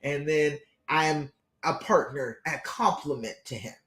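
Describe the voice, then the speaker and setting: A woman's voice: deep voice, unhurried, fairly bright tone, echoey room. A woman relationship coach gives a live-streamed talk. She sounds tired and keeps checking in with listeners with "okay?" and "all right?".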